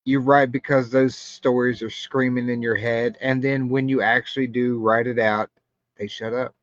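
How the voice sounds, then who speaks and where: A man's voice: medium pitch, little pitch movement, dry recording. Man, podcast host, thoughtful and hesitant, dull lo-fi sound, dry. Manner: measured, reflective, hesitant with ums. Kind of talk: casual podcast chat.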